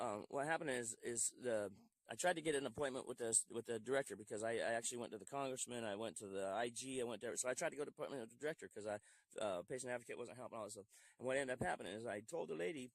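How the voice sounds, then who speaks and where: Fast-talking frustrated veteran man on a call. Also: medium pitch, no room sound. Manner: frustrated storytelling, many restarts and quoted dialogue. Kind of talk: recorded phone call. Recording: faint quiet voice over phone.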